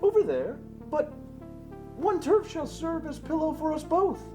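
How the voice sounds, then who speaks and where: A woman's voice: high-pitched, very animated, measured pace, dark tone, soft background music. A woman playing a fickle young male lover, playful and hamming it up, in an amateur Shakespeare reading. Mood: coaxing.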